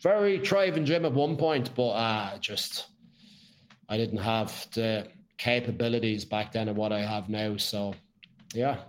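A man's voice: fairly low pitch, measured pace. Blunt Irish man telling his story. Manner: blunt, swears freely, lively storytelling. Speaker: podcast guest. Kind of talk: casual storytelling.

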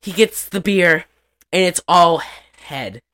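A woman's voice: lowish voice, animated, slow pace, a bit bright. A woman in a casual chat, recapping a movie in a chatty, profane way and laughing often.

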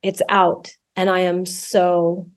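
A woman author talking as a podcast guest, expressive and talkative. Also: on the low side, slow. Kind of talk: podcast interview.

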